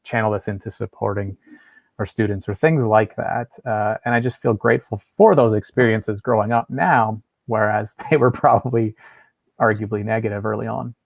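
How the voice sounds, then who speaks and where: A man's voice: fairly low pitch, steady tone, moderate pace, vocal fry, dry recording. A man speaking as a guest in an interview, earnest and thoughtful, telling stories to make his points. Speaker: guest educator. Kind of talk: casual conversational interview.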